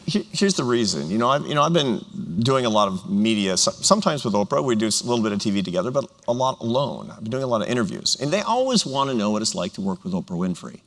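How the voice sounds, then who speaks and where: A middle-aged man, a professor and co-author, speaking on stage in an animated, enthusiastic way with quick asides. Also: fairly low pitch. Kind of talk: onstage conversation. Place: large university auditorium. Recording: reverberant hall sound.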